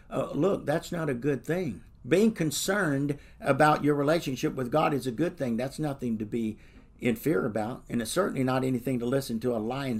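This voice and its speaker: A man's voice: mid-range voice, vocal fry. A male pastor delivering a sermon, pressing the listeners with repeated rhetorical questions.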